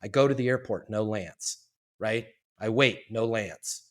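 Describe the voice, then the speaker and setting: A man telling a story as a podcast guest, in a lively, animated way and acting out what people said. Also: on the low side, a little slow. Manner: animated, lively storyteller who acts out quotes. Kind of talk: storytelling in a casual interview.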